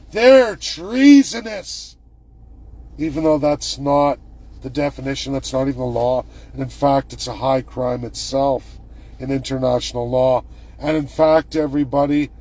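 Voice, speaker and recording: A man's voice: a little high, darkish tone. A man from Alberta, giving a heated, emphatic monologue as a political commentator. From Alberta, Canada. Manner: heated, emphatic, rushes then slows to stress words. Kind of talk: indignant monologue.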